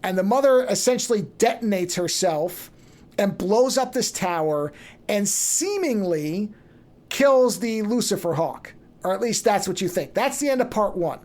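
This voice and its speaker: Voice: medium pitch, lively intonation, a little slow, a little mellow. A podcast host in casual chat, animatedly retelling a story and briefly acting out the characters' lines. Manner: loose and chatty, frequent restarts.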